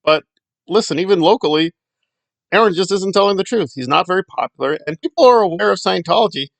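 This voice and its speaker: A man's voice: sits high, lively intonation, fast talker, vocal fry, no room sound. A man hosting a casual solo commentary, talking in a sarcastic, dismissive way. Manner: sarcastic, dismissive, with mocking quoted voices. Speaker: commentary channel host.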